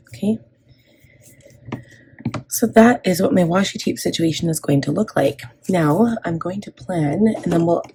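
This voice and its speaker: A woman's voice: on the low side, mellow, a little hiss or hum. A woman from Canada in her thirties chatting casually as she plans and decorates her planner, rambling with frequent ums and restarts. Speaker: planner vlogger.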